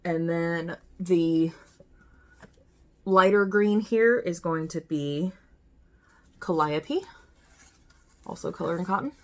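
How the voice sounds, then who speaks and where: A woman with a low-ish voice talks slowly, with long pauses, while showing cross-stitch projects to her phone camera. She is casual and chatty, frequently correcting herself and talking to herself as she handles things.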